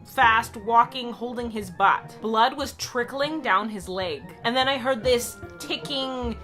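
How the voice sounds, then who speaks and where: A young woman with a bright, high voice tells a story in a casual vlog, quick and full of crude jokes. Soft music plays faintly behind her. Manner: quick, joking, crude humor. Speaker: vlogger.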